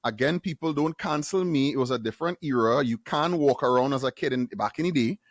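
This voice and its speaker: A man in his forties from Trinidad with a Trinidadian accent, a guest telling stories in a casual interview, self-deprecating and quick to laugh. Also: mid-range voice, no room sound, studio quality. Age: 40s. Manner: animated storyteller, self-deprecating, laughs often.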